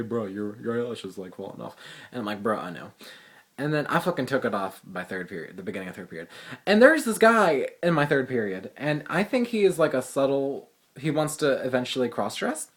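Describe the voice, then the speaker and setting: Sassy teen guy rambling fast. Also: medium pitch. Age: teens. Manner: fast, profane, sassy rambling with many fillers. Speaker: vlogger. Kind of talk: casual storytelling vlog. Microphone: phone camera.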